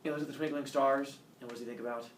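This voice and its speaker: A man's voice: mid-range voice, fairly even intonation, racing, a little hiss or hum. A man teaching a class, talking in a playful, theatrical way. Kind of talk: classroom lesson. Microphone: camera across the room. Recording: echoey classroom from far off.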